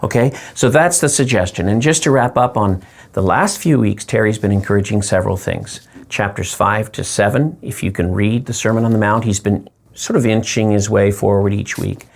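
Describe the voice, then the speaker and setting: A man, a pastor, giving a short, friendly devotional teaching talk, slowing down to stress words. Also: fairly low pitch, gravelly.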